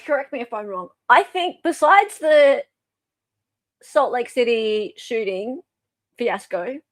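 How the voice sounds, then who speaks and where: A woman's voice: sits high, no echo. An Australian woman hosting casual true crime commentary, chatty and sarcastic.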